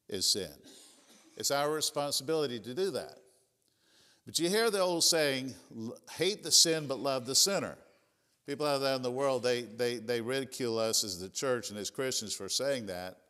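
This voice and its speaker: Preacher in an echoing sanctuary. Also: male voice, mid-range voice, sharp tone. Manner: conversational preaching, plain folksy retelling of scripture. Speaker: pastor. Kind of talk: sermon. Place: church sanctuary. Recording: long church reverb.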